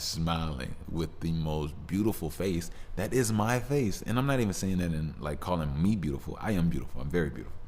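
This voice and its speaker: A man's voice: extremely low pitch, slight background noise. A man hosting a solo podcast, talking in a rambling, laid-back way with lots of fillers and restarts. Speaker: podcast host. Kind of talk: casual solo podcast monologue.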